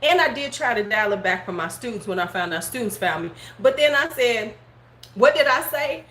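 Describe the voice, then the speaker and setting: A woman's voice: on the high side, lively intonation, normal speed, a bit bright. Blunt middle-aged woman vlogger, roomy sound. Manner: blunt, frank, laughs often, curses freely; talks back to live chat comments. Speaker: beauty vlogger host. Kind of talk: casual livestream chat. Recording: roomy home room with faint background noise.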